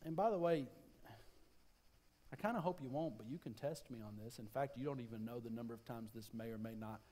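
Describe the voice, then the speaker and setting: A man's voice: mid-range voice, fairly quick, dark tone. A man giving a sermon as a pastor in a church, talking conversationally and repeating his phrases. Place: church auditorium. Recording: live church sermon with long reverb.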